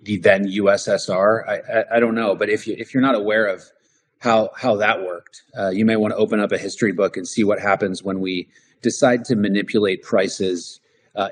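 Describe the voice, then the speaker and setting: A man co-hosting a political talk show, explaining his points in a conversational way and often restarting his sentences. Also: fairly low pitch. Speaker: podcast co-host.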